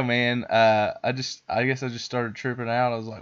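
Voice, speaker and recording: A man hosting a podcast, telling a story in a rambling, profane, animated way. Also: lowish voice, brisk, highs cut off. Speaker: podcast host. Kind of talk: casual storytelling chat.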